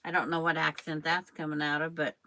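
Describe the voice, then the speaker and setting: A woman's voice: sits low, level tone, brisk, sharp tone, slight background noise, poor audio. An older woman hosting a quilting stream, chatting casually and rambling while she sews and talks to viewers by name. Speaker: quilting channel host. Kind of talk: casual chat while sewing on a live stream.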